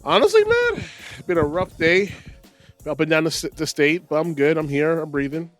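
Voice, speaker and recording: A man's voice: fairly high pitch, sing-song, moderate pace, a bit bright, faint music behind. A man co-hosting a podcast in casual chat, blunt and provocative. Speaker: podcast co-host.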